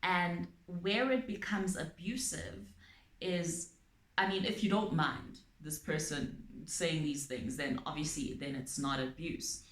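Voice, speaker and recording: A woman calmly explaining her topic to viewers, using everyday examples and frequent pauses and ums. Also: deep voice. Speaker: channel host on abuse awareness. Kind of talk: explanatory talk to camera. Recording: echoey room.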